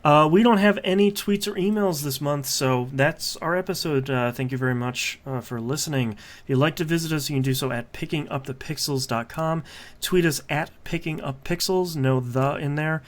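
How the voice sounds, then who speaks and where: A man's voice: a little high, moderate pace. Man, podcast host, casual, chatty, filler-heavy. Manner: relaxed, chatty, frequent "uh" fillers. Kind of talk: casual chat.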